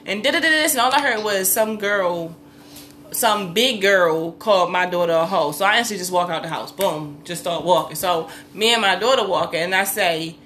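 A woman's voice: lowish voice, moderate pace, slight background noise. A middle-aged woman telling a long story in casual talk, swearing freely and acting out what everyone said. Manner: animated, profane, acts out quotes loudly. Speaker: podcast co-host.

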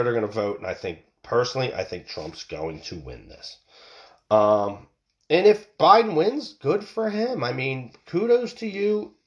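A man hosting a podcast, talking casually and off the cuff, rambling and swearing freely. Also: mid-range voice. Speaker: podcast host. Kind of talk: casual solo political talk. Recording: dull lo-fi recording.

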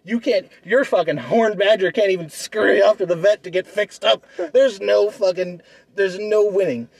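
Young man, higher voice, dry close sound, swears constantly, boastful and fired up. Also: creaky, no room sound, poor audio. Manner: heavy swearing, fast and boastful. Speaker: debater. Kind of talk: heated comedic argument.

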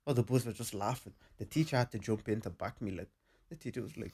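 A man's voice: on the low side, fast, a little mellow, breathy edge. A young man co-hosting a casual chat, telling stories in a laid-back but emphatic way. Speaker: podcast co-host.

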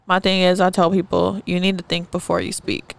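A young woman chatting on a podcast with a gravelly, creaky edge to her voice. She talks outspokenly and slips into other people's voices when quoting them. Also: on the low side, little pitch movement, a little fast, no room sound. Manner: outspoken, acts out quoted voices. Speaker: podcast co-host. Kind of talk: casual chat.

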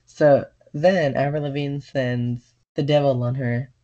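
Young woman calling in, playful storyteller, mellow tone, muffled lo-fi line. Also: extremely low pitch, steady tone, measured pace. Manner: jokey, spins silly hypotheticals. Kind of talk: casual chat. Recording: dull lo-fi call line.

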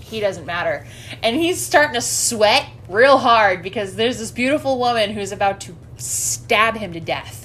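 A woman's voice: medium pitch, expressive, normal speed, a bit bright, slight background noise. A woman co-hosting a casual podcast, animatedly recapping a movie and swearing freely. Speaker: podcast co-host.

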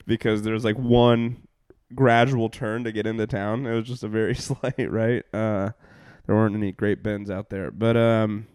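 A man's voice: on the low side, little pitch movement, moderate pace, a little mellow, clean tone, no echo, clean studio sound. A young man, a comedian hosting a podcast, telling tour stories in casual chat, rambling with lots of fillers, laughs and swearing.

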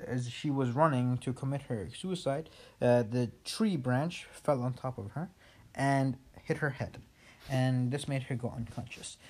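A man casually retelling a sad film plot, rambling, with many fillers and restarts. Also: mid-range voice.

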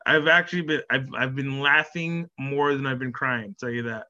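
Bright, animated man on a lo-fi mic. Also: mid-range voice, normal speed. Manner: animated, laughing, lots of repeated words. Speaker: vlogger. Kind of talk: casual talk to camera.

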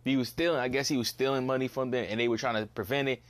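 A man's voice: mid-range voice, fairly even intonation, very fast. A young man hosting a casual solo podcast, ranting bluntly, swearing and repeating himself in disbelief. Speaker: podcast host.

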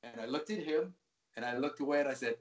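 A man's voice: medium pitch, fast talker, a crowd in the background. Male hockey play-by-play caller as a guest, easygoing anecdotal storyteller, roomy sound. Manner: relaxed, rambling with frequent restarts.

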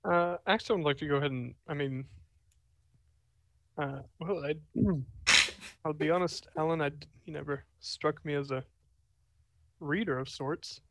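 Chatty, jokey male player with a higher voice. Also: creaky, a little hiss or hum, poor audio. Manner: chatty, jokey, quick to apologize. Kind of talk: casual role-play chat.

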